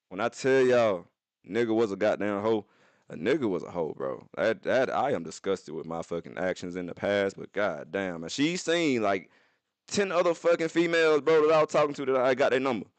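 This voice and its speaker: A young man streaming from his phone, telling a profane story to his chat in an animated way, with sudden jumps into high voices. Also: normal speed, no echo.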